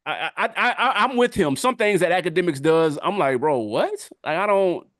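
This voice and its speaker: A middle-aged man riffing on a podcast with a fairly high, lively voice. He talks loose and animated, drops slang, and laughs between points. The sound is dry and close to the mic with no room around it. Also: brisk, no echo. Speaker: podcast co-host. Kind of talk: casual chat.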